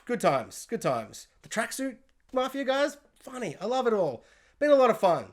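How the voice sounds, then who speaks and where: A man alone in his room, giving an excited spoiler review rant to his camera. He talks emphatically and swings from loud outbursts to low mutters. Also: moderate pace. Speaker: pop culture reviewer and podcast host. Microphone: camera mic.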